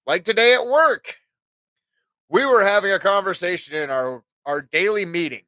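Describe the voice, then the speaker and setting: A man's voice: sits high, moderate pace, sharp tone, no room sound, studio quality. A man in his forties hosting a podcast, telling rambling, profane stories and acting out what people said. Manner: profane, rambling, acts out quotes. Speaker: podcast host. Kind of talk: casual storytelling monologue.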